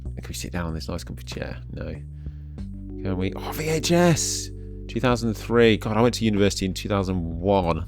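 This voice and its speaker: A man in his forties giving casual gameplay commentary, reading the game text aloud with chatty, wry asides. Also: low voice. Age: 40s. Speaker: game video host. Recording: faint background music.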